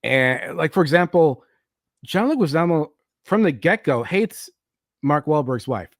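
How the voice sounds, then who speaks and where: A man hosting a podcast, chatting casually about a movie and telling stories with lively energy and frequent swearing. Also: fairly high pitch, unhurried, dry recording, studio quality. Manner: animated storyteller, swears, acts out quotes. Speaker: podcast host. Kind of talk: casual movie review chat.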